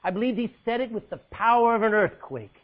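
A male preacher delivering an emphatic sermon, swinging from loud, high calls to low, hushed lines. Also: fairly quick, highs cut off.

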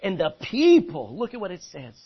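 A man preaching a sermon, animated, acting out voices from the scripture he reads. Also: high-pitched, moderate pace, breathy edge. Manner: animated, acts out biblical voices. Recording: dull lo-fi recording.

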